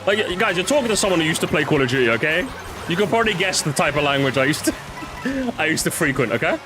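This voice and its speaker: A man's voice: fairly high pitch, very animated, fast. A young man chatting casually with viewers as he plays, rambling and swearing freely, with game music behind him. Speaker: streamer. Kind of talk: casual gaming commentary.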